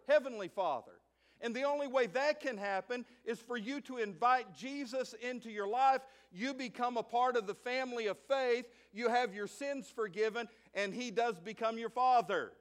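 Male pastor, middle-aged, sermon, high voice, animated delivery, hushed to loud. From United States. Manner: acts out a child's voice in stories.

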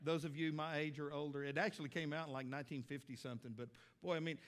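A man's voice: on the high side, steady tone, fast. A middle-aged man preaching a sermon as a pastor, folksy and conversational with emphatic stresses.

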